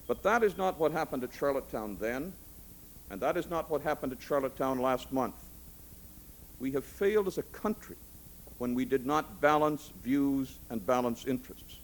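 A middle-aged man delivers a formal political speech in an even, mid-range voice. His phrasing is measured and rhetorical, stacking lists that climb to emphatic peaks. A faint hiss sits under the recording. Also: medium pitch, rough recording. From Canada.

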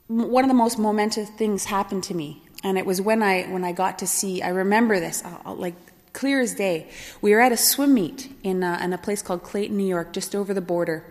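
A woman speaking to a live audience about her childhood, animated and quick to laugh as she acts out the people in her stories. Her voice rings out through a large hall with a long reverb tail. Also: mid-range voice. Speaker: speaker telling her life story. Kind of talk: storytelling talk to an audience.

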